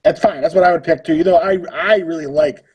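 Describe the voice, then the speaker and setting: A man in his thirties hosts a relaxed livestream chat, his voice a little husky and sitting higher than most men's. He talks in a loose, joking way as he announces each matchup. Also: fast, low-quality recording. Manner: jokey, reads out matchups. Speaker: livestream host. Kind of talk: casual chat.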